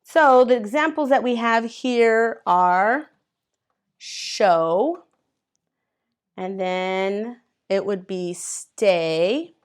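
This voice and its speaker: In a slow classroom grammar lesson, a woman patiently spells out English letters and sounds one by one for learners. She speaks extremely slowly with long pauses, in a clear, resonant mid-range voice.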